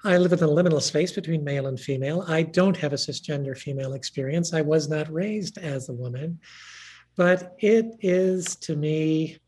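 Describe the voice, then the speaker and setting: A woman's voice: deep voice, normal speed, slightly rough. A woman guest speaker telling stories in conversation, acting out the dialogue with animation. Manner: animated, acts out quoted dialogue. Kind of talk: conversational storytelling.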